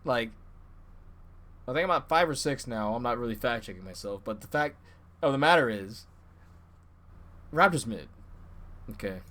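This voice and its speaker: A man's voice: medium pitch, lively intonation, normal speed, long pauses, fairly bright tone. A man co-hosting a casual podcast, his voice swinging up and down as he talks. He is blunt, swears freely and laughs at his own jokes. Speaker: podcast co-host.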